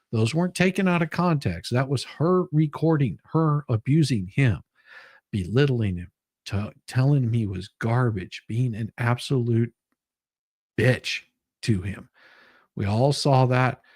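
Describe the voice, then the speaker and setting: A man's voice: medium pitch, a little mellow, dry recording, studio quality. A middle-aged man hosting a livestream, talking bluntly and rambling as he repeats himself. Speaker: stream host. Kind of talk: casual livestream commentary.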